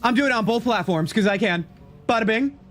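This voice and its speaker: A young man streaming gameplay live, excitable and teasing as he banters with his chat. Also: high-pitched, brisk, soft background music.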